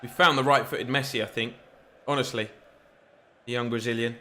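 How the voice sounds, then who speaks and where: A man giving chatty, excitable play-by-play commentary over a football video game. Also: medium pitch, normal speed, slight background noise. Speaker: gaming YouTuber.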